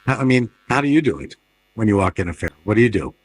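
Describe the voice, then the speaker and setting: Wry low-voiced man interviewing. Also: sing-song. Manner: quick wry interjections and anecdotes. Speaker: interviewer, art newsletter publisher. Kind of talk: casual panel conversation. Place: fair talk stage.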